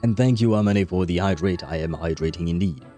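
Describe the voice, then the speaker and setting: A man's voice: low voice, a little fast, warm tone, faint music behind. A French-speaking man chatting casually as he streams a game, rambling with lots of fillers. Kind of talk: casual gameplay commentary.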